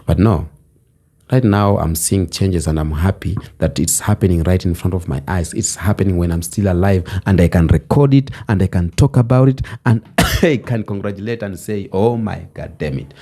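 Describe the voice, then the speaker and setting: Deep husky man vlogging passionately. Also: normal speed, mellow. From Kenya. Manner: emphatic, preaching cadence with repeated phrases. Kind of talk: passionate social commentary monologue.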